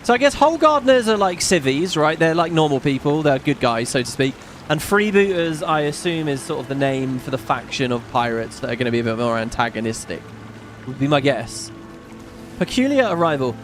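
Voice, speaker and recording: A man talking through a video game playthrough in a loose, chatty way, thinking out loud and reading bits of on-screen text. His pitch sits a little high and swings up and down with animated energy. Game music plays clearly behind him. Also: brisk. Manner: chatty, muses aloud, reads on-screen text. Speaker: gaming YouTuber. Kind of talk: casual let's-play commentary.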